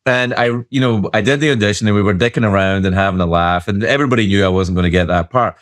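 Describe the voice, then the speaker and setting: A middle-aged Scottish man hosting a podcast, telling stories in a lively, joking way. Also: fairly low pitch, fast, no room sound, clean studio sound. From Scotland. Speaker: podcast host. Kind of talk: casual chat.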